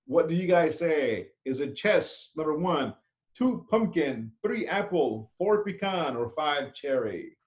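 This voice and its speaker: A man's voice: fairly high pitch, lively intonation, unhurried, highs cut off. A man teaching a cooking class, who talks in a chatty way and keeps checking in with "okay?". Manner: chatty, tags sentences with "okay?". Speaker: culinary instructor. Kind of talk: classroom lecture.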